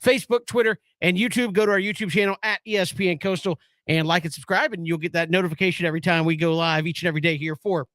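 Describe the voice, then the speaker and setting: High, bright-voiced sports radio host. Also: male voice, fast, hardly any pauses, no room sound. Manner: relaxed, does the show plugs. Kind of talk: casual sports radio talk.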